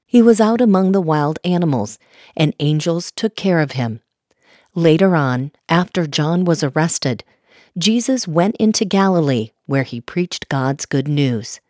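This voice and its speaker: A woman giving a measured, even reading of a scripture passage. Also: deep voice, no room sound, clean studio sound. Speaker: Bible reader.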